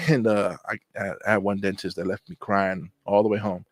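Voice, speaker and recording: A man hosts a casual livestream chat, rambling loosely from one point to the next. His voice sits on the low side, and the sound is dry and close, with little room around it. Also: level tone, normal speed, dry recording. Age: adult. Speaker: channel host.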